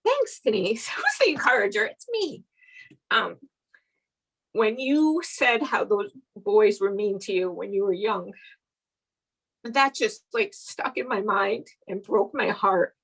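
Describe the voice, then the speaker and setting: Woman talking slow on a video call, teary and rambly, saying nice things. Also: medium pitch, lively intonation, gravelly, fairly bright tone, husky, rough recording. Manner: emotional, rambling, holding back tears. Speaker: group member giving encouragement. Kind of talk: casual chat on a video call.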